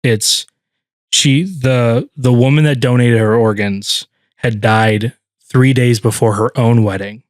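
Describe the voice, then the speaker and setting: Brief: man co-host, mid pitch, relaxed and chatty, dry close mic. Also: slow, dry recording. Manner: easygoing, laughs often, lots of fillers. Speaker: podcast co-host, wedding videographer. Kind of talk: casual chat.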